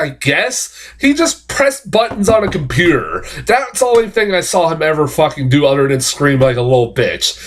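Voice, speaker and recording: Man, movie reviewer, casual rant, swearing, exasperated, high voice, very animated pitch. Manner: profane, ranting, exasperated. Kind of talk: casual spoken film review.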